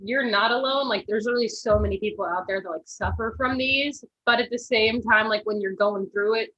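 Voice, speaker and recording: A woman's voice: fairly high pitch, a little fast, a bit bright, breathy edge, dry recording. A young woman in casual chat, explaining things in an earnest way. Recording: dull dry sound.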